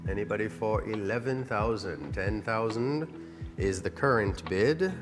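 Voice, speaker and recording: A man calls lots at a charity auction, upbeat and coaxing as he asks for bids. His voice carries a long hall reverb, with clear music playing behind him. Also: fairly low pitch, expressive, unhurried. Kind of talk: live charity auction calling.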